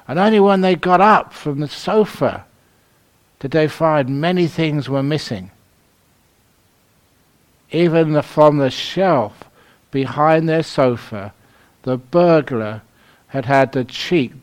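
An unhurried man with a London accent leads a meditation retreat talk. He tells stories with gentle humor, laughing softly at his own jokes, in a voice of middling pitch. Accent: London English. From London, England. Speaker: meditation teacher.

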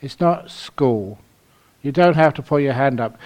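An unhurried man with a London accent leads a meditation retreat talk. He tells stories with gentle humor, laughing softly at his own jokes, in a voice of middling pitch. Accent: London English. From London, England. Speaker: meditation teacher.

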